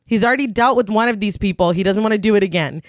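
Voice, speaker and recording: A woman co-hosts a horror podcast and walks through the film's plot in a loose, chatty way, breaking into laughter and the odd swear. Her voice sits at an ordinary middle pitch. The sound is dry and close, with no room around it. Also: fast talker, no echo. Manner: laughs often, swears freely, plays out scenes. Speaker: podcast co-host recapping a film. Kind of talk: casual chat.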